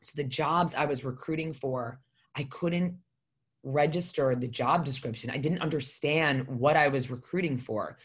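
A woman's voice: sits low, moderate pace, husky. A woman guest on a podcast, telling her story in a candid, rambling way and swearing for emphasis. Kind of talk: casual podcast conversation.

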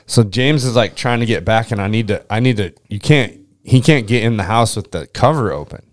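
Briskly and with lively intonation, a young man with a lowish voice recounts a story casually. He swears a lot, leans heavily on "like," and performs his friends' lines himself.

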